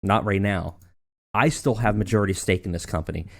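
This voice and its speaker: A man's voice: on the low side, a little fast, vocal fry. A man voicing an angry wrestling company owner who defends his stake in the business. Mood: furious. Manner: indignant, blustering.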